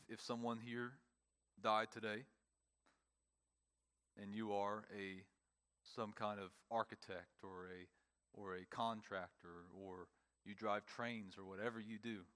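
A man preaching a sermon, emphatic, with pauses and repeated phrases, speaking to a congregation in a church. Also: on the low side, sharp tone. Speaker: pastor.

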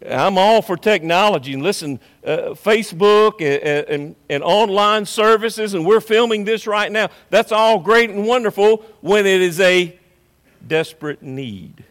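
A pastor delivers a sermon in his church with a high-pitched, lifted voice. He preaches emphatically, pushing some phrases out loud and dropping others to a near hush. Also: a little slow. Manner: emphatic preaching, swings between loud and hushed. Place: church sanctuary.

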